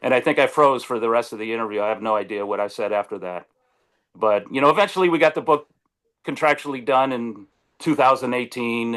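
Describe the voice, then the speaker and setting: A man chats over a video call, telling stories in a voice of ordinary middle pitch. He is animated and restarts his sentences often. He acts out the lines of the people in his stories. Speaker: sportswriter guest. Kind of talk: casual storytelling on a video call.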